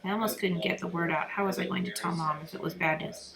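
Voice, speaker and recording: A woman reading a children's novel aloud with expressive storytelling. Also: lowish voice, fast talker, creaky, hardly any pauses. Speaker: reader. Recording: roomy echo, crowd murmur behind.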